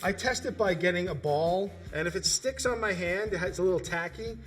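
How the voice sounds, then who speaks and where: A male professional chef calmly explaining each step of a cooking demonstration. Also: high-pitched, normal speed, faint music behind. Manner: calm, instructive.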